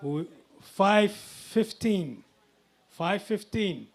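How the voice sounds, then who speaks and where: Calling bids at a live charity auction, a man with a high, expressive, creaky voice speaks slowly and draws out each number. He jovially teases the bidders as he talks into a handheld microphone.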